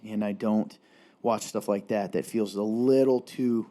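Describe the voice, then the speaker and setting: Young Appalachian man, podcast co-host; low, mellow voice, earnest and rambling. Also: fairly even intonation, measured pace. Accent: Appalachian Southern. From Eastern Kentucky. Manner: earnest, rambling, with many restarts. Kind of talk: casual faith chat.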